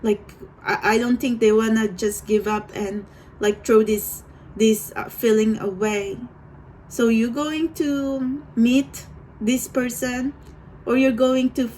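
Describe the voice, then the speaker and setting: A woman's voice: on the high side, a little mellow, slight background noise, rough recording. A woman doing a tarot reading for viewers, rambling and hesitant, with many restarts. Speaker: tarot reader.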